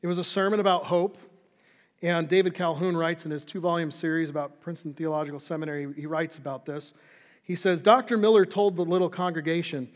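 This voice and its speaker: A man preaching a sermon as pastor, earnest and emphatic, sometimes dropping to a soft, hushed close. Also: a little high, steady tone, fairly quick, in a large hall.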